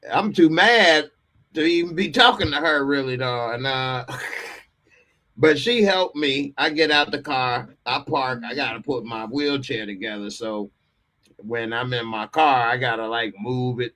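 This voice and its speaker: A man's voice: medium pitch, measured pace, sharp tone. A man hosting a live call-in podcast, telling a comic story with frequent laughter and acted-out voices. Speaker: podcast host.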